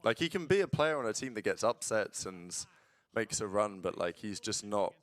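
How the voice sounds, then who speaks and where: Here a man on the low side of the pitch range, speaking at a moderate pace, gives casual watch-along commentary on esports on stream. Blunt and swearing, he erupts into excited play-by-play.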